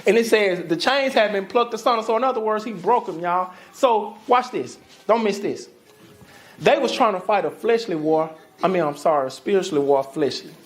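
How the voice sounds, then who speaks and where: A woman pastor with a Southern US accent, preaching a sermon in an animated, conversational way that calls out to the congregation. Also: mid-range voice, moderate pace.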